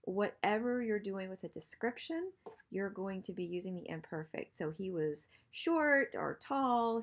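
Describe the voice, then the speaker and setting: A woman of medium pitch gives an online Spanish grammar lesson, going over examples again with patience and easing her pace for the practice sentences.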